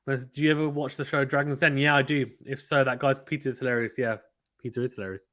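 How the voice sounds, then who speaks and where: A man from the United Kingdom hosts a casual cricket watchalong at a mid-range pitch. He chats easily, reads out viewers' comments, and his voice lifts when a big shot is played. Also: quick pace. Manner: chatty, reads viewer comments aloud, gets excited at big shots. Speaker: host reading live chat.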